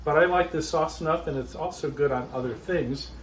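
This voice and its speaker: A man hosting a casual cooking demonstration, explaining each step in a relaxed, chatty way from his home kitchen. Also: a little high, fairly quick, slight background noise, poor audio. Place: backyard garden, then home kitchen.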